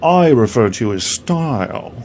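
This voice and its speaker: A man putting on a slow, high, mock-French voice for a haughty vagina character. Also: big pitch swings, darkish tone, slight background noise. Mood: haughty welcome. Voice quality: high, slow, theatrical put-on voice. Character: giant talking French vagina in a hat, haughty.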